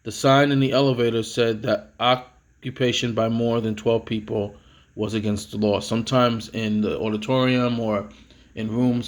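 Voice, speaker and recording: A man teaching a vocabulary lesson, reading words and definitions aloud in a casual way, with fillers and self-corrections. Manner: reads each headword louder and higher, then drops to explain.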